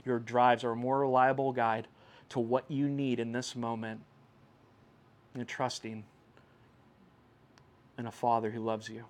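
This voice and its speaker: A male pastor preaching a sermon in a conversational, animated way, swinging between hushed and loud. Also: medium pitch.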